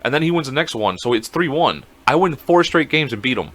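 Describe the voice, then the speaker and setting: A man's voice: medium pitch, very animated, brisk, fairly bright tone. A man co-hosting a podcast, telling a story in casual chat, acting out quotes and swearing freely. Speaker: podcast co-host.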